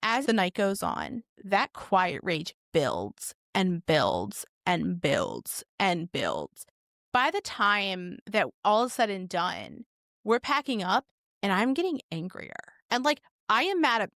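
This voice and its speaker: A woman's voice: mid-range voice, fairly bright tone, dry recording, studio quality. A woman co-hosting a casual podcast, telling stories with lots of swearing and acted-out quotes. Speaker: podcast co-host.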